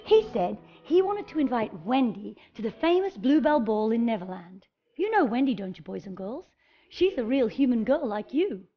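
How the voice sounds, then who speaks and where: A woman presenting a children's show in a fairy character, telling a story in an animated, sing-song way and talking straight to the children. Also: fairly high pitch, normal speed, dull audio.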